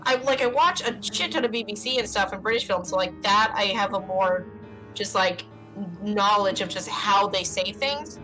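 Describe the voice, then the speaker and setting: A woman streamer reading a story game aloud with expressive commentary and swearing. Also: mid-range voice, over music, low-quality recording. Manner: expressive, swearing, quick reactions.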